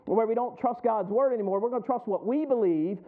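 A male preacher with a fairly high voice delivers a sermon, quoting scripture and playfully acting out his listeners' thoughts. The recording sounds thin and phone-like. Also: fairly quick. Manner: folksy, acts out the congregation's inner voices; laughs often between lines.

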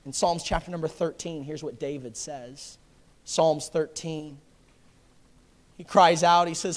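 A high-pitched male pastor delivering a sermon with real passion, dropping to a hush and then climbing to fervent, near-shouted peaks. His voice rings with the long reverb of a large church hall. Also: measured pace, long pauses. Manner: impassioned, swinging from hushed to near-shouting.

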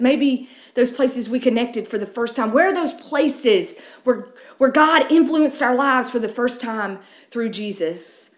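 A middle-aged woman pastor, preaching a sermon in a conversational storytelling way with frequent restarts. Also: high-pitched. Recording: roomy echo.

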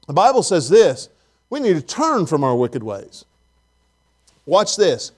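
A man's voice: high-pitched, big pitch swings, normal speed, a little mellow. A man preaching a sermon in a church auditorium, emphatic, repeating phrases and putting questions to the congregation.

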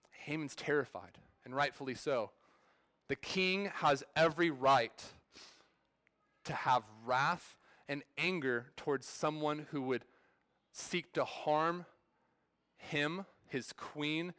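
A man's voice: on the high side, fairly bright tone, no echo. A man in his thirties preaching a sermon as pastor, in a conversational way that restarts and repeats words.

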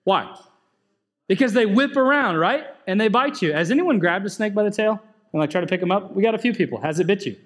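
A man with a high, light voice preaches to a congregation. His delivery is casual and chatty, full of questions to the room and quick asides. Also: expressive. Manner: conversational preaching, asks the congregation questions, laughs. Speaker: pastor. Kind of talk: sermon.

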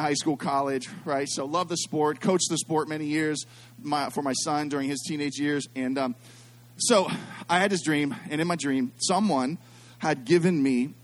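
Middle-aged male preacher with a high-pitched voice, animated and repetitive, drawing the congregation into call-and-response. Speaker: pastor. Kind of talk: sermon.

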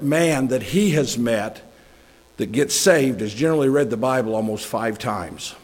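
A middle-aged man giving a conversational sermon as a guest preacher, folksy and joking with chuckling asides. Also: mid-range voice. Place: church sanctuary. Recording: long hall reverb.

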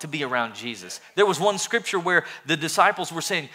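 A man preaching a sermon with a bright, forceful, rather high voice. He talks earnestly and with animation, stumbling through restarts as he builds energy. It is pastor-style address to a congregation. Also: lively intonation, brisk, hardly any pauses, breathy edge.

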